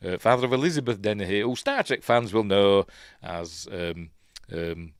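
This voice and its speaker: A man's voice: fairly low pitch, moderate pace, dry recording, clean studio sound. A man with a Yorkshire accent, hosting a chatty live film commentary and rambling as he gets sidetracked. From Yorkshire, England. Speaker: host.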